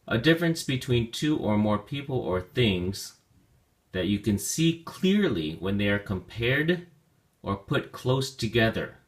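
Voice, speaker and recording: A man with a very low voice teaches a vocabulary lesson. He talks slowly and with care, and he stretches out the key words so learners can follow along.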